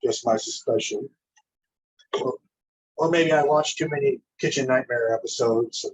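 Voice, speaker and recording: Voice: medium pitch, measured pace, slightly rough, low-quality recording. A home cook on a video call chatting in a matter-of-fact way with dry humor. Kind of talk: casual chat.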